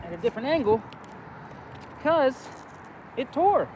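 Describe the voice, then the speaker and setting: Breathless high-voiced roofer on a roof. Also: male voice, big pitch swings, a little slow, over loud music. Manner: exasperated, explaining step by step. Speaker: roofing contractor. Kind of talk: on-site inspection walkthrough. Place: outdoors on a roof.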